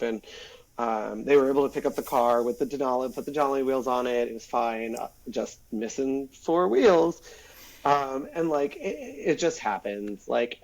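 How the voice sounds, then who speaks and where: A man in casual podcast conversation, telling a story in a lively way, acting out quoted lines and using many fillers. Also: mid-range voice, vocal fry, poor audio. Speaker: guest, former automotive PR man.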